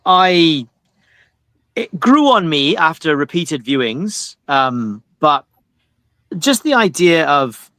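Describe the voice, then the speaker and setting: A man on a casual panel chat, opinionated and measured. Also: a little high, very animated, a bit bright, no room sound. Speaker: podcast panelist.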